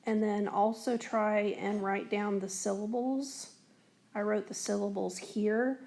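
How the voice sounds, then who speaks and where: A woman's voice: mid-range voice, fairly even intonation, unhurried, vocal fry, darkish tone. A woman teacher explaining a lesson on a recorded whiteboard in a patient, step-by-step way, with frequent fillers. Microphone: tablet recording.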